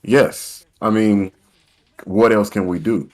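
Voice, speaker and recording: Male podcast co-host, deep voice, halting delivery with repeated words. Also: fairly even intonation, darkish tone. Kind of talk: casual podcast chat.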